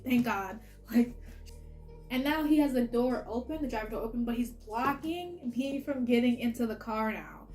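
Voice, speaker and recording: A woman's voice: on the high side, a little mellow. A young adult woman telling a personal story in a casual, chatty way, peppering her speech with "like" and laughing often. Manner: chatty, heavy use of filler "like", laughs often. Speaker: vlogger.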